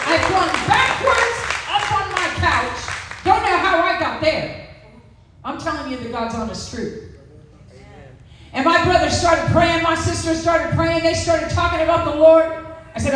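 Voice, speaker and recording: High-voiced woman in her sixties, church testimony, emphatic storyteller, recorded from far off in a very echoey room with faint noise. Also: expressive, unhurried, fairly bright tone. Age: 60s. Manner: emphatic storytelling, acting out quotes. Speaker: testimony speaker.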